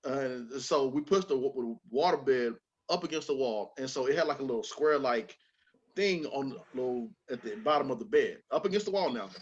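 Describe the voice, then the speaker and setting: A man hosting a podcast, telling a childhood story in a casual, animated way with plenty of swearing. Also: mid-range voice, fairly quick, breathy edge, lo-fi sound. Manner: animated, swearing, repeats words when excited. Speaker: podcast host.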